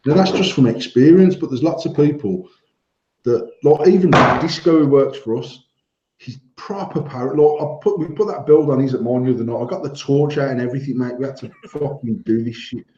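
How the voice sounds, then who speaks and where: A man, co-hosting a casual podcast, telling anecdotes with lots of swearing and getting animated as a story builds. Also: medium pitch, fairly quick, roomy sound, muffled recording, slight background noise. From United Kingdom. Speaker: podcast co-host, vape shop owner.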